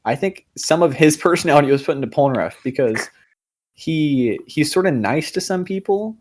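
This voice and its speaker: A man's voice: on the high side, lively intonation, moderate pace. A young man co-hosting a podcast, talking in a casual, rambling way, full of fillers, restarts and offhand swearing. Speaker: podcast co-host. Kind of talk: casual chat.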